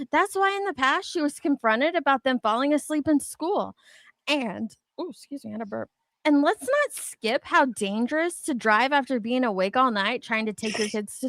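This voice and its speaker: A woman's voice: high-pitched, a bit bright, no room sound, clean studio sound. A woman co-host in casual chat, reading viewer comments aloud with wry asides.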